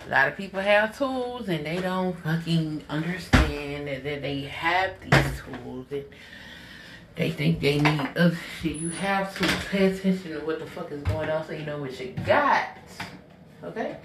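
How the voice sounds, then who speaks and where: A woman's voice: sits low, echoey room, very noisy. A woman giving a casual vlog rant as a spiritual advisor, blunt and heavily profane, drawing out words for emphasis. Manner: unhurried with drawn-out emphasis.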